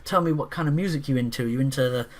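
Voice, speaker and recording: A man's voice: medium pitch, rapid-fire, natural voice. A man voicing a swaggering male alien club owner who talks in casual slang. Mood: cocky.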